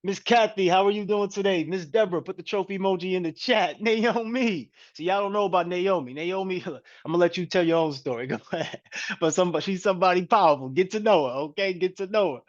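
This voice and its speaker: A man's voice: sits high, fast. A man hosting a live video call as a coach, energetically calling out participants and repeating his prompts. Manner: energetic, repetitive shout-outs. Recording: dull, lo-fi call audio.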